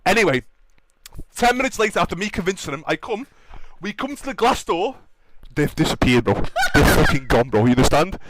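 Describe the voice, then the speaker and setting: A man telling a wild anecdote in an animated, excitable way, piling on filler tags and repeating himself. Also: high voice, a little fast, slight background noise. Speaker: storyteller in a played clip.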